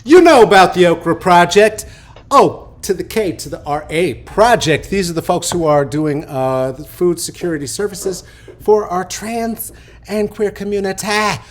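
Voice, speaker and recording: Sitting high and unhurried, a man's voice carries a casual, unscripted podcast he hosts in his late forties. He jokes and rambles, with many ums and false starts.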